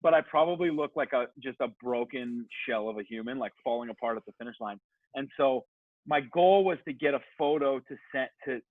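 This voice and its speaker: A man's voice: mid-range voice, no echo. Man telling a story on a tinny line. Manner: animated, rambling, swears freely, lots of "like". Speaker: podcast guest. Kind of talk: casual storytelling. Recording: tinny phone-like sound, dry.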